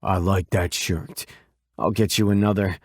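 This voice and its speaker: A man voicing a stubborn, gruff biker who talks low and dry, in an audiobook. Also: fairly even intonation, unhurried, darkish tone, no echo. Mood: wry.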